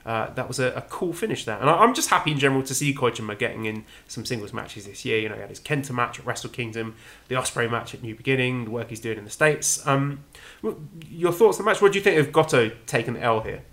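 A man co-hosting a podcast, recapping matches in a measured, wry, casual way. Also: mid-range voice, animated, fairly bright tone. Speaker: podcast co-host. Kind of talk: casual wrestling review chat.

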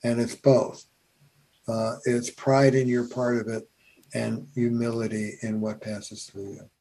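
A man's voice: mid-range voice, a little slow. A man, a family therapist, telling stories in a podcast conversation, with lots of "uh" fillers. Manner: animated storyteller, many fillers.

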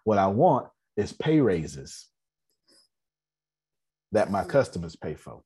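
Husky-voiced man hosting a business talk. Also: sits low, big pitch swings, slow, warm tone. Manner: repetitive, often checks if listeners understand. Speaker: host of an online business meeting. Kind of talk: casual motivational talk to a group.

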